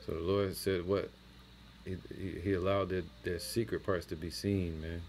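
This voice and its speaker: A man with a very deep voice leads an impromptu scripture lesson. He reads the verses slowly and deliberately, then breaks into loose, slangy commentary. A faint hiss sits under the recording. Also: level tone, vocal fry, a little mellow. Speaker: teacher of a religious camp.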